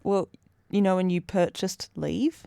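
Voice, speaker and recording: A woman's voice: fairly low pitch, fairly even intonation, unhurried, creaky, mellow, dry recording. A woman co-hosting a podcast, teasing her co-host with a dry wit and frequent giggles. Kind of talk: casual chat.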